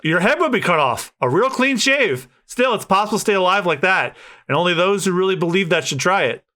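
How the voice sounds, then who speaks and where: A male podcast host with a high, bright voice who talks casually and makes jokes. His animated delivery swings widely in pitch as he reads aloud and riffs on it. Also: quick pace. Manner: animated, jokey, reads out dialogue.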